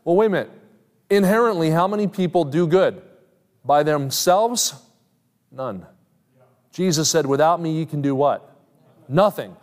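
A man's voice: on the high side, animated, moderate pace, pauses often, a little mellow. A middle-aged man preaching a sermon, teaching step by step and putting questions to the congregation. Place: church. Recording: long hall reverb.

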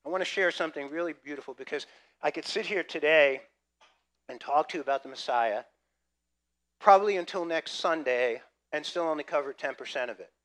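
A man preaching a sermon, lively and conversational, swinging between loud emphasis and quiet asides. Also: fairly high pitch, a little fast. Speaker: pastor.

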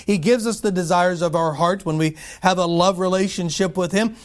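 Male pastor, high voice, emphatic sermon delivery with rhetorical questions and slow stressed scripture phrases. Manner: emphatic, asks and answers his own questions.

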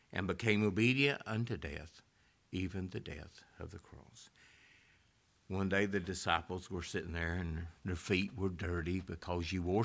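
A man preaching a sermon, swinging from loud rising exhortation down to hushed near-whispers. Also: sits low.

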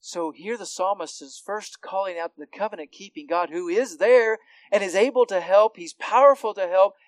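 A man's voice: high voice, moderate pace, no echo. A man teaching through a psalm verse by verse, talking conversationally with frequent restarts and tag questions. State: hard of hearing. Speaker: Bible teacher. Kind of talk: expository Bible teaching.

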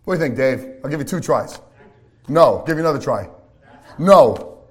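A man preaching a sermon to his congregation, excitable and full of questions to the listeners. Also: mid-range voice, moderate pace. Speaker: pastor.

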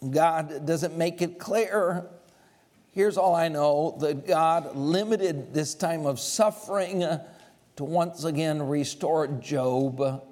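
Male preacher, slightly high voice, slow deliberate sermon delivery with big swings. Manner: impassioned preaching, voice rising high and loud, then dropping slow and low.

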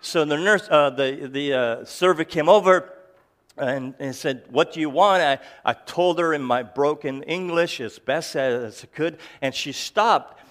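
A man's voice: a little high, fairly bright tone. A man giving a personal talk to a live audience, telling jokes and stories in a hesitant, slightly slurred way, with many restarts and fillers. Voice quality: slightly slurred, halting speech. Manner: jokey storytelling. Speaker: ministry founder giving a talk.

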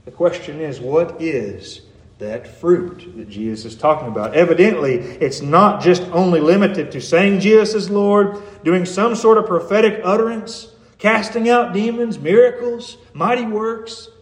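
A man's voice: high-pitched, measured pace. Preaching man in an echoey room. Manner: earnest, rising and falling emphasis. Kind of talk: sermon.

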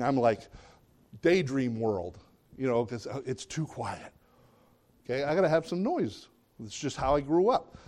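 A man preaching a sermon as a pastor, conversational and animated, often questioning the audience and acting out what people say. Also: medium pitch. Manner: animated, acts out quoted voices.

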